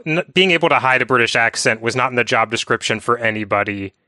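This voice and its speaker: A man's voice: medium pitch, fast talker, pushed and bright, dry recording, clean studio sound. A man co-hosting a podcast, talking casually and leaning heavily on "like" as a filler. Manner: chatty, leans heavily on "like" fillers. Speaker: podcast co-host. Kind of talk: casual chat.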